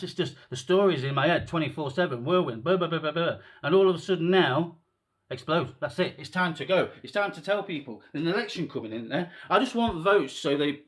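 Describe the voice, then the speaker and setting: A man talking straight to camera in a rambling, emotional monologue, swearing freely and swinging between quiet musing and impassioned appeals. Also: on the high side. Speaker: self-styled candidate vlogger.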